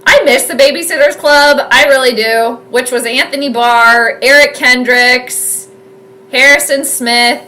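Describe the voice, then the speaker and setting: Woman, high voice, bright tone, chatty live game commentary, excitable and rambling. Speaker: sports streamer doing live game commentary.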